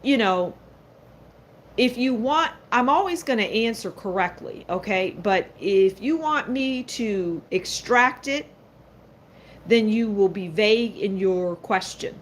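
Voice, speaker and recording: A woman's voice: medium pitch, lively intonation, slow pace, slight background noise. A woman doing a live-stream tarot reading. She is blunt and sassy and speaks straight to her viewers. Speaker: tarot card reader.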